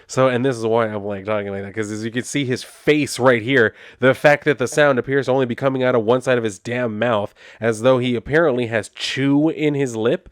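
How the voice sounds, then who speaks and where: A man's voice: mid-range voice, a little fast, hardly any pauses, clean tone, no room sound. Man, comic book reviewer, casual rambling recap, sarcastic, exasperated, mid-range voice, dry close sound.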